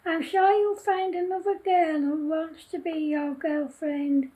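A woman's voice: very high-pitched, fairly even intonation, measured pace, dark tone. A woman voicing a cheeky schoolboy who teases his friend bluntly. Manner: joshing, blunt.

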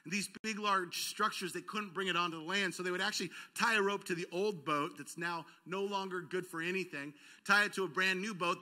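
Bright, high-voiced man preaching. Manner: self-deprecating, animated, acts out quoted voices with cries and shouts. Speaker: pastor. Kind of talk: storytelling sermon. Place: church auditorium.

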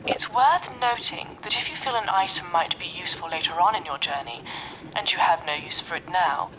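A woman voicing a calm guiding game narrator. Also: on the low side, fairly quick, a crowd in the background, close to an everyday voice, poor audio. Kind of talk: game voice-over guidance.

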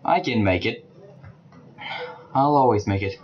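A man giving let's play commentary, talking to the game characters and breaking into panicked shouts. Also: on the low side, a little slow, lo-fi sound. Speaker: gaming channel host. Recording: clear background noise.

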